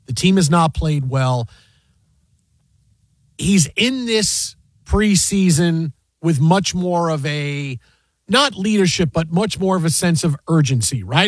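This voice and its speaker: A high-pitched man hosting sports talk radio, chatting casually and getting animated as he tells stories. His voice sits close and dry on the studio mic, with no room sound around it. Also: dry recording. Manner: animated storyteller, loud sing-song impressions.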